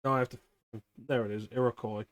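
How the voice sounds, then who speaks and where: A man's voice: mid-range voice, steady tone. Crude joking man streaming a game. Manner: crude, joking, reads aloud haltingly. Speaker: streamer host. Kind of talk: casual chat while gaming.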